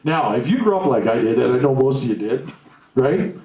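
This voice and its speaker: A man's voice: mid-range voice, lively intonation, fairly quick, distant mic, dull audio. Man lecturing in an echoey hall. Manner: emphatic, acts out quoted voices. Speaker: seminar speaker. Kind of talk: motivational seminar talk. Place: seminar room before a live audience. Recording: echoey room, voice off-mic, faint hiss.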